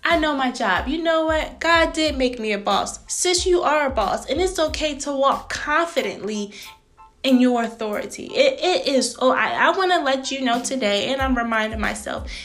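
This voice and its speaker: A woman in her thirties hosting a faith-based business podcast, speaking in a lively, preachy way and calling her listeners sis. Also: sits high, normal speed, faint music behind. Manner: animated, frequent laughs, acts out greetings. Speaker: podcast host.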